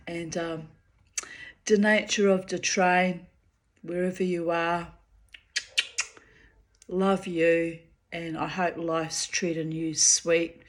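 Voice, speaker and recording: A woman telling personal stories in a chatty, digressive monologue with many asides. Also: fairly low pitch. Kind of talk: rambling storytelling monologue.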